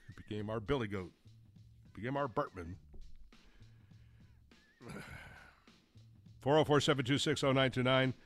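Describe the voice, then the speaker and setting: A man's voice: medium pitch, measured pace, pauses often, a bit bright, faint music behind. A man hosting a sports call-in radio show, talking in a rambling, stop-start way with chuckling asides. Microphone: studio mic.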